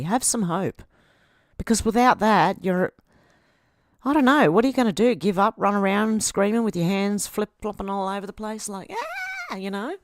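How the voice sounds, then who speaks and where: A woman's voice: mid-range voice, no room sound, clean studio sound. A woman with an Australian accent, chatting casually on a live stream as she reads out viewer comments and reacts to them. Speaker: video host reading viewer comments.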